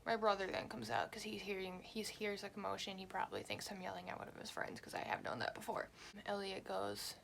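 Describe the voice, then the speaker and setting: A young woman vlogger telling a story in a lively, blunt way and swearing often. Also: medium pitch, a little fast, vocal fry, a little hiss or hum. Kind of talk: storytime vlog.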